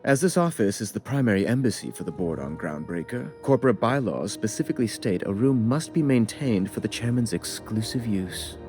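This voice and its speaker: An actor playing a prim, self-pitying corporate official in a video game, speaking in clipped, theatrical formal diction. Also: male voice, lowish voice, expressive, a little fast, few pauses, music in the background, natural voice. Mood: fussy. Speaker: corporate board representative. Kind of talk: video game character dialogue.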